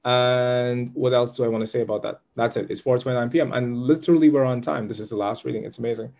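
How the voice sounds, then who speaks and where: A man reads tarot for a client over a live session. His voice is warm and mellow at a middle pitch. He sounds chatty and upbeat, guiding her patiently step by step. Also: steady tone, fast talker, vocal fry. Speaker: tarot reader.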